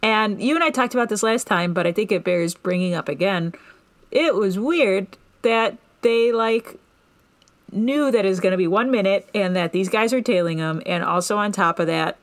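A woman co-hosting a podcast, chatting casually and laughing easily as she recaps a TV episode with some swearing. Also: mid-range voice. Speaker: podcast co-host.

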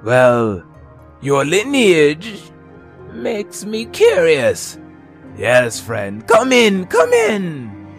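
A man voicing a jovial, towering male king wizard, boisterous and booming. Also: huge pitch swings, very slow, soft background music, full character voice. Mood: welcoming.

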